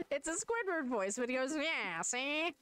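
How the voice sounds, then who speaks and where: A woman streamer chatting casually and joking at her own expense while she plays a game. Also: sits high. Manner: chatty, self-mocking, laughs often. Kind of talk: casual let's play commentary. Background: game music.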